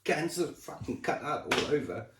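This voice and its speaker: A man speaking in a raw, emotional way, swearing freely as he tells his story. His voice sits a touch high and swings widely in pitch. He sounds distant from the mic, in a room with plenty of echo. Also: expressive, moderate pace, background noise. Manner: raw, emotional and swearing, with sudden drops in level. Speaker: person sharing his health story. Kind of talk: emotional personal chat. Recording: echoey room, voice set back from the mic.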